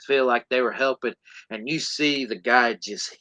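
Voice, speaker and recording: A man's voice: mid-range voice, measured pace, pushed and bright, slight background noise, low-quality recording. A man co-hosting a podcast, casually retelling a film's plot and acting out the characters in silly voices. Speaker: podcast co-host.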